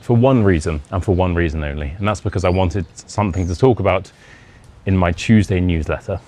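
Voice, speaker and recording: Low, brisk and darkish, this young English teacher speaks in Modern RP British English. Chatty and poking fun at himself, he recounts a personal anecdote and performs the lines of dialogue he quotes.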